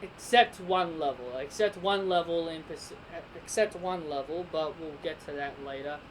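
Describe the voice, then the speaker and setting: A man's voice: fairly high pitch, normal speed, slight background noise, poor audio. A man with an Australian accent giving a casual spoken game review, rambling and speculating as he thinks aloud.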